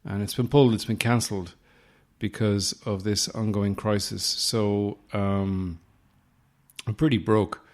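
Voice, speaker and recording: A man hosting his own comedy podcast, rambling through deadpan absurd asides close to the mic. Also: fairly low pitch, unhurried. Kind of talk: solo comedic podcast monologue. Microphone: close podcast microphone.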